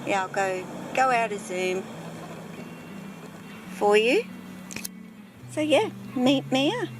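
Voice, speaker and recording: A woman's voice: fairly high pitch, very animated, takes it slowly, background noise. A woman chatting casually to camera outdoors while filming her pets, with a handheld camera. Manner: chatty, talks baby talk to her cat. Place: outdoors in a yard. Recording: music playing under the voice.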